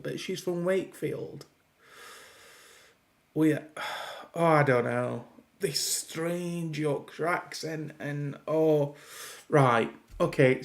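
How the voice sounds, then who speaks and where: Exasperated man, slow deliberate rant. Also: on the high side. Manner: exasperated ranting with frequent restarts. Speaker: video reviewer. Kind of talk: casual reaction review.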